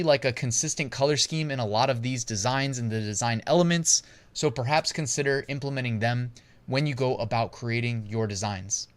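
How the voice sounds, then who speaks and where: Guy hosting a channel, chatty, laughs at himself a lot, mid-pitch voice, thinks out loud. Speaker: host. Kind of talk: casual talk-through of screen research.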